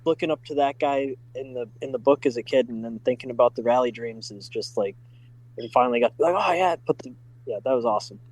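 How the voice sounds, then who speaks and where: A middle-aged man telling stories in a casual podcast chat, full of fillers and excitement. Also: medium pitch, fast talker, rough recording. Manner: enthusiastic, many fillers like "like" and "uh". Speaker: podcast guest, driving school staff. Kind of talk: casual storytelling.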